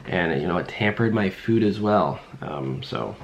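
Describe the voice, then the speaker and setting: A man's voice: sits low, animated, a little slow, highs cut off, a little hiss or hum. A young man rambling jokily in a casual vlog, with lots of fillers as he talks to his viewers. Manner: rambling, jokey, full of fillers like "like" and "um". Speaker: rideshare driver and vlogger.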